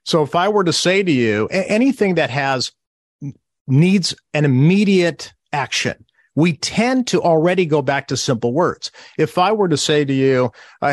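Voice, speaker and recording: A man's voice: on the high side, normal speed, no echo. Author guy on a podcast, bouncy up-and-down voice, dry close sound, really stresses his points. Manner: animated, emphatic explainer who acts out quoted phrases. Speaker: author and interview guest. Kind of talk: podcast interview.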